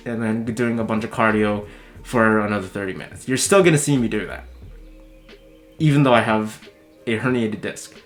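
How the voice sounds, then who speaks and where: A man talking in a casual commentary vlog, heated and swearing, his voice jumping high when he is worked up. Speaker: video commentator.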